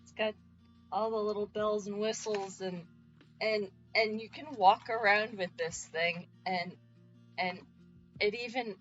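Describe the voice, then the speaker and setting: Woman, streamer, live chat, stammering, excitable, slow delivery, muffled sound. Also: mid-range voice, soft background music. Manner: excited, stammering, repeated exclamations.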